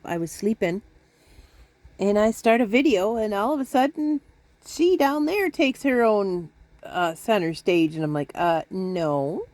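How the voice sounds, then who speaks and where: A middle-aged woman chats casually to camera from indoors at home, rambling and poking fun at herself for her viewers. Her mid-range voice has a darkish tone, with no room sound.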